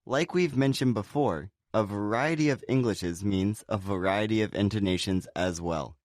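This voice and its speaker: A man co-hosting a scripted pronunciation lesson. His voice sits on the low side, and he explains things clearly and steadily. The sound is dry, with no room around it. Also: normal speed, darkish tone, no echo. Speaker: pronunciation teacher.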